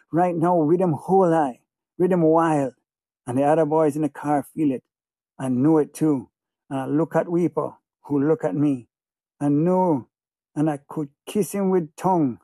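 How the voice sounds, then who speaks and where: A man's voice: on the high side, dark tone, dry recording. A man narrating an audiobook in the first person, in a feverish, obsessive way with heavy repetition.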